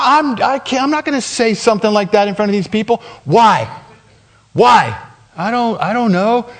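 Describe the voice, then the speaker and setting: A man preaching a sermon as pastor, telling a story and acting out the dialogue with laughs along the way. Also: high-pitched. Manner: animated, acts out dialogue with laughs. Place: church sanctuary.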